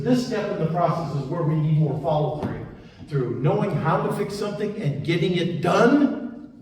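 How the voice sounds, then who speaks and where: A man's voice: on the high side, warm tone, a little hiss or hum. An older man preaching a sermon as a pastor, telling folksy stories from his own life. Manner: folksy storytelling with personal anecdotes. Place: church sanctuary. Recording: echoey hall, mic far off.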